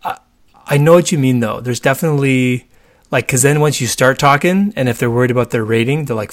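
A man's voice: medium pitch, a little fast, dry recording, studio quality. Chatty man acting out stories. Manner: animated storyteller, acts out quoted voices. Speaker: podcast co-host. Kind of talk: casual chat.

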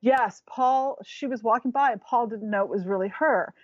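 A woman's voice: on the high side, normal speed, a loud crowd. Chatty rambling woman, dull lo-fi sound. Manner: chatty, rambling, restarts when searching for words. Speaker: guest. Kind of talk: casual chat.

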